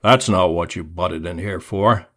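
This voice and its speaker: A man's voice: sits low, unhurried, fairly bright tone, voice pushed down. A man voicing a commanding gang leader who talks curtly and growls at others. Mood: angry. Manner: growling, curt.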